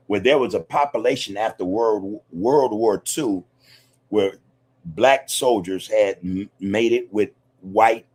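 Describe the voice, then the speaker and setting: Husky low-voiced podcast host rambling. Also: male voice, slow pace, a little mellow. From United States. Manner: rambling, emphatic, streetwise slang, lots of "man" and "you know". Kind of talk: casual livestream monologue.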